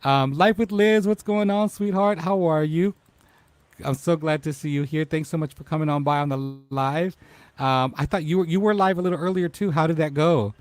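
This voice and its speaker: A man's voice: a little high, fairly quick, a little mellow, no echo. A man hosting a casual livestream talk show, upbeat and greeting viewers by name.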